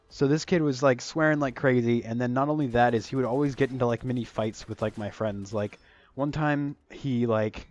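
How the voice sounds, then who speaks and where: A man's voice: medium pitch, darkish tone. Young man rambling through a storytime. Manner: rambling, filler-heavy, swears freely. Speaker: storytelling vlogger. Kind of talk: casual storytime narration. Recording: dull lo-fi recording.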